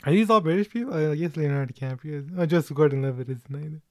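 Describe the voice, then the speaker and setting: A man's voice: on the high side, very fast, no room sound, studio quality. A man in his twenties hosting a casual movie chat, chatty, with lots of fillers and laughter. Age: 20s. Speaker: movie reaction host.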